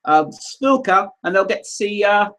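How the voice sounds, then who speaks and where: Male livestream host, very high voice, animated and teasing, chatty. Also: unhurried. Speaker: live show host reading viewer comments. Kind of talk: casual livestream chat.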